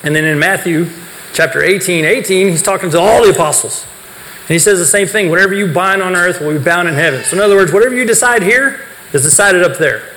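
A fast-talking man with a high, bright, forceful voice teaches a youth group, explaining points and firing questions at the listeners that he then answers himself. The hall is reverberant, and faint background noise can be heard.

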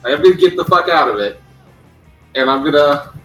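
A man's voice: a little high, animated, fairly quick, a bit bright, faint music behind, low-quality recording. A young adult man playing in a tabletop game, blunt and joking, swearing casually in and out of character. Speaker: player. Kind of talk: tabletop role-play, in and out of character.

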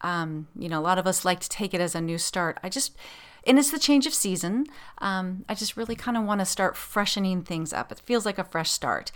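A woman's voice: medium pitch, a bit bright. A woman podcast host chatting casually from a home office, rambling along with many fillers and restarts. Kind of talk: casual chat. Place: husband's home office at his desk.

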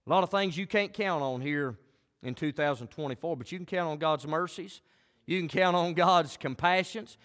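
A man preaching a sermon as pastor, animated and swinging between quiet talk and shouting. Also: a little high, moderate pace. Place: church. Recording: long hall reverb.

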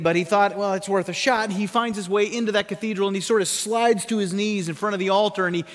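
A man preaching a sermon as a pastor, animated and fond of questions and stories. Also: high-pitched, big-room sound.

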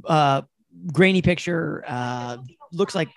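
A man's voice: a little high, slow pace, gravelly, no room sound. A young man hosting a casual comedy chat, rambling with restarts and frequent laughs. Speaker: podcast host.

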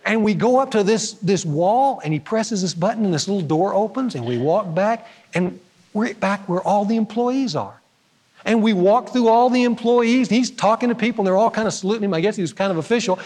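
A male pastor delivers a sermon with a fairly high voice, moving between lively, loud storytelling and quiet, emphatic moments. His voice carries a long reverb, as if recorded live in a church sanctuary. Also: fairly quick. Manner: storytelling with humor, animated swings in pitch and loudness.

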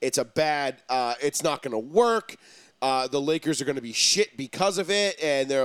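A man runs a casual sports talk show, pressing his opinions with emphatic swells and little pauses for effect. His voice sits a touch high. The sound is dry and close, with no room around it. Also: animated, a bit bright, clear, resonant tone, no room sound. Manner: emphatic, argumentative, drawn-out pauses. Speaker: podcast host.

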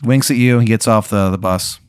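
A man improvises a crude comic story, narrating to his guest in a loose, rambling way full of fillers. His voice is smooth and clear, and the recording is close and dry, with no room sound. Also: fairly low pitch, a little fast, no room sound. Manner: profane, rambling second-person narration with many fillers. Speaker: host.

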